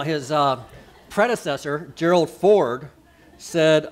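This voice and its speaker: A man's voice: fairly high pitch, animated, slow pace. A man, a pastor giving a sermon in a chatty, conversational way, full of asides and rhetorical questions.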